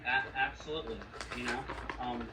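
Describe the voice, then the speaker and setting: A man trying to smooth over a workplace conflict, his speech padded with fillers. He sounds far from the mic in an echoey room, with steady background noise. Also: medium pitch, moderate pace. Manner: filler-heavy, placating. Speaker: colleague mediating a meeting. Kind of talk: heated workplace meeting.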